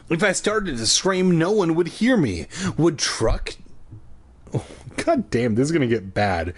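A man's voice: on the high side, breathy edge. A man reading a children's horror book aloud for laughs, drinking as he goes and breaking off for profane, mocking asides. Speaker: reader. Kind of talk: comedic read-aloud of a kids' horror book.

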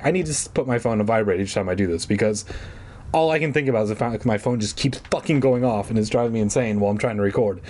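Guy reading a kids book out loud and cracking crude jokes, pretty animated voice. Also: medium pitch. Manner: irreverent, swearing, joking asides. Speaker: reader of a children's book with jokes. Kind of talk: comedic book reading with asides.

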